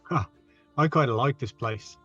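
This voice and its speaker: A man's voice: medium pitch, normal speed, fairly bright tone, breathy edge, dull audio, faint music behind. A man doing an easygoing space traveller. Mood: laid-back. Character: laid-back male space traveller, hired muscle.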